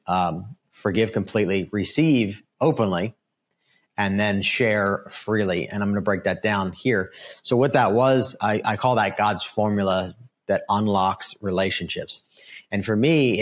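Middle-aged male guest, deep voice, earnest testimony with lots of "you know" and "right?". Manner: earnest storytelling, frequent fillers and "right?" asides. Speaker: guest, author. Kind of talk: personal testimony in a podcast interview.

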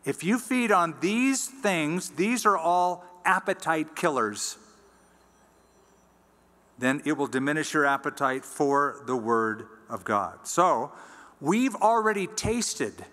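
A man preaching a sermon as pastor, teaching in a conversational way and reading scripture aloud slowly. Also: fairly high pitch, expressive, bright, forceful tone, in a large hall. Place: church sanctuary.

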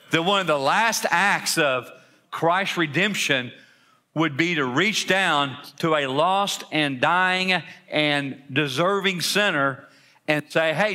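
A man's voice: fairly high pitch, pushed and bright. A man preaching an Easter sermon in a church service, emphatic, with rhetorical questions and repeated phrases. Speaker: pastor.

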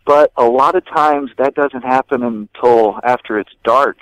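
A man talking as a guest on a podcast, relaxed and casual, cursing freely between lots of fillers. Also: mid-range voice, a little slow, no echo, low-quality recording. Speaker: documentary director, guest.

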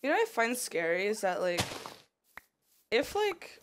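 A woman's voice: on the high side, sing-song, unhurried. A woman from Canada chatting casually while livestreaming a game, rambling and saying "like" a lot. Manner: rambling, chatty, heavy use of "like". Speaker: livestreamer playing a modded block game. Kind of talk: casual chat while gaming. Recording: noisy home stream with mouse clicks.

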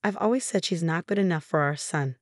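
A woman's voice: fairly low pitch, brisk, no room sound, studio quality, close to an everyday voice. A woman voicing a scornful middle-aged mother-in-law in a narrated story, with a mocking, dismissive manner.

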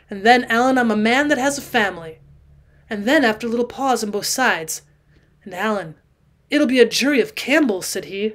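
A woman's voice: mid-range voice, moderate pace. A woman teacher reading a classic adventure novel aloud as an audiobook, voicing the characters' lines with extra emphasis.

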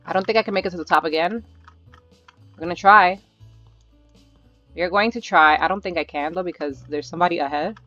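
A gamer keeps up a jittery running commentary while playing, cheering and pleading at the screen in a medium-pitched voice. The audio sounds a bit dull and lo-fi, with faint music playing underneath. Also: brisk, pauses often, dry recording. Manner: excitable, nervous self-talk with repeated urging. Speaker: gaming channel host. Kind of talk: live gameplay commentary.

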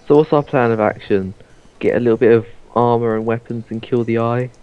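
A man's voice: mid-range voice, fairly even intonation, brisk, narrow, tinny audio. A man chatting casually while playing a video game, teasing his friends and laughing often. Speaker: player.

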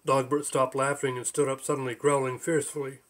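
A man narrating his own book as an audiobook, in an even, measured reading. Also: medium pitch.

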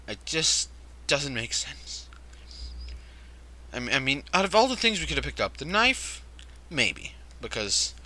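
A man's voice: medium pitch, sharp tone, poor audio. A man hosting a let's play, joking, swearing and jumping at scares as he talks to the screen. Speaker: gaming video host.

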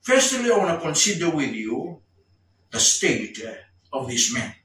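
A man preaching a sermon and reading scripture, slow and emphatic, with frequent filler sounds. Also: medium pitch, expressive, a bit bright, reverberant, recorded from a distance, low-quality recording. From Fiji. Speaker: pastor. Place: church.

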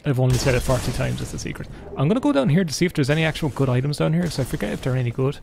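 A young Irish man live-streams a game alone in his room, joking and rambling to his chat as he plays. His voice is a little high, expressive, creaky, and rapid-fire, with a noisy background.

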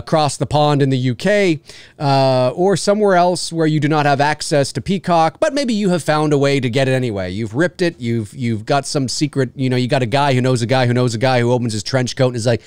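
A man's voice: medium pitch, smooth, no echo. A Canadian man hosting a live movie watch-along stream, joking and swearing freely as he talks from his home studio. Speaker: host.

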